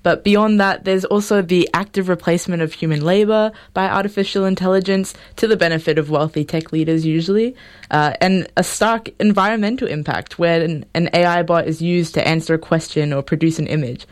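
An interviewer asking prepared questions in a measured way. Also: medium pitch, steady tone, smooth.

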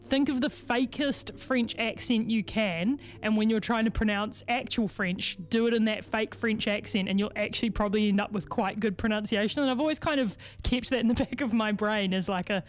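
A woman hosting a radio interview, conversational and quick to laugh. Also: medium pitch, steady tone. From New Zealand. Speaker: radio host.

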